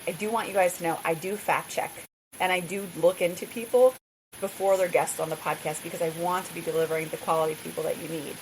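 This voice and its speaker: A woman's voice: fairly low pitch, steady tone, quick pace, low-quality recording. A middle-aged woman hosting a podcast, talking candidly and casually, laughing often and filling her talk with "like" asides. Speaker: podcast host. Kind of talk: candid solo podcast chat. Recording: hissy recording.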